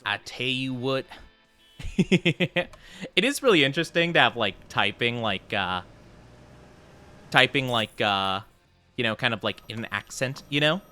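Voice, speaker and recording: Playful, bright-voiced male game streamer. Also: medium pitch, animated, measured pace, long pauses, clear, resonant tone, soft background music. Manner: playful, flustered denials when chat teases. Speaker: VTuber streamer. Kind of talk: live gameplay stream commentary, reading chat.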